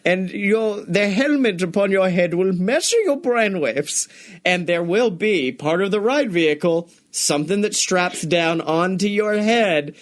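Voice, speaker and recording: A young man co-hosting a podcast, chatting casually, excited and swearing often, laughing as he talks. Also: high-pitched, a little slow. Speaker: podcast co-host. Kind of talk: casual chat.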